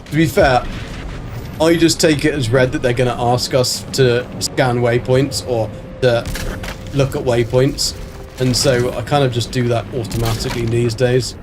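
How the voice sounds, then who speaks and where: A man's voice: medium pitch, level tone, normal speed, noisy background. A man casually commentating a game on a live stream, chatting to viewers, swearing freely and greeting them by name. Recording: faint background music.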